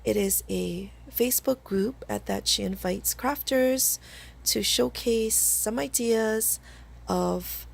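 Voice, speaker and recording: A woman hosting a casual craft video from home, talking through her projects in a chatty, slightly halting way while hoarse from a cold. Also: on the high side. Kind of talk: casual craft tutorial chat.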